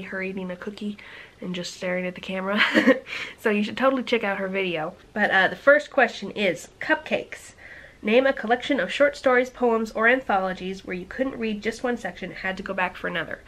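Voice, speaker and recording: A woman chats to her camera in a quick, energetic vlog style, tossing out playful rhetorical questions. Her voice sits in a middle register, and now and then she slips into soft, half-whispered asides. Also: mid-range voice, poor audio. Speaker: book vlogger. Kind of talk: casual vlog chat to camera.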